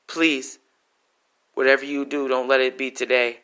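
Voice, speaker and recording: A man's voice: medium pitch, little pitch movement, moderate pace, fairly bright tone, clear, resonant tone. A man performing an emotional spoken-word story, intense and pleading.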